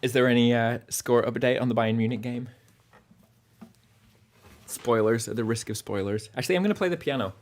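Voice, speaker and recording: A man with a Lancashire English accent softened by North American sounds, chatting casually and rambling between songs as a livestream musician host. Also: mid-range voice, fairly quick, pauses often, slight background noise. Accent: Lancashire English, partly North American. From Burnley, England. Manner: rambling and chatty, with many fillers.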